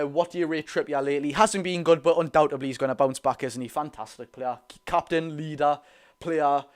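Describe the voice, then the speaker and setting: A man with a Geordie accent hosting a casual live stream, reading out viewer questions and answering them chattily, often calling listeners "mate". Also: medium pitch. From North East England. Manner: calls listeners "mate" and "lads". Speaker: livestream host. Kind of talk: casual live watch-along chat.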